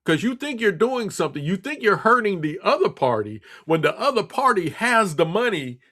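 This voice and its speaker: A man holds forth on his own radio talk show in a blunt, scolding monologue, circling back to repeat his points. His voice sits a little high for a man. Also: big pitch swings, moderate pace, sharp tone. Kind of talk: political commentary monologue.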